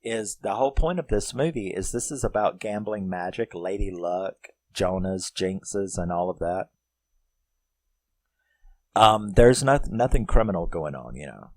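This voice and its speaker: A man's voice: low voice, animated, measured pace, no room sound. A man giving a casual spoken film recap, rambling and profane, full of filler words. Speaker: film reviewer.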